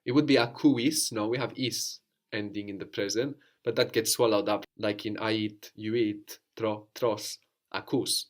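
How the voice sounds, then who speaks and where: A man's voice: on the low side, steady tone, measured pace. A man teaching a language lesson, patiently asking questions and often ending with "no?".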